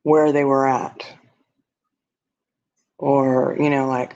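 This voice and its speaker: Speaking slowly with frequent pauses, this woman has a rumbling low, slightly mellow voice and a flat delivery. As a livestream host she chats loosely with viewers and rambles through a hypothetical with many fillers. The audio is dull lo-fi stream quality.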